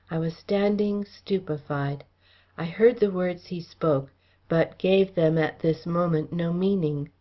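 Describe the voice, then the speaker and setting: A woman narrates a classic adventure novel in a steady, formal manner. Her voice sits low for a woman, and the recording sounds dull and lo-fi. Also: a little slow. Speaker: audiobook reader.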